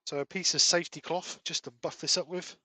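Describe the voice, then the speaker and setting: A man with a bright, fairly high voice chats easily while he works at the lathe, hosting a live stream from his workshop. His talk is relaxed and practical, and the sound is close and dry. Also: fairly quick, no echo. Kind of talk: casual live-stream chat while demonstrating. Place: home workshop.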